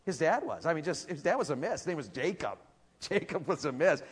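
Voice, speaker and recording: Male preacher, sermon, high voice, very lively pitch, storytelling, rises to shouts. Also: moderate pace, slightly rough, in a large hall. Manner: animated storytelling, building to shouts; asks the audience questions.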